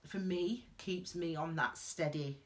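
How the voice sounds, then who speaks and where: A woman gives earnest, heartfelt advice in a reflective vlog monologue, rambling and halting with frequent restarts and tangents. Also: fairly low pitch. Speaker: tarot reader giving advice.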